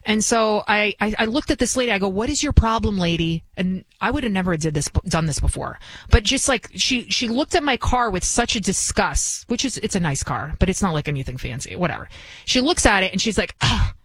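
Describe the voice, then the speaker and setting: A woman's voice: medium pitch, expressive, fairly quick, breathy edge, dry recording, low-quality recording. A woman in her forties, hosting a radio talk show with an indignant, ranting monologue. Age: 40s.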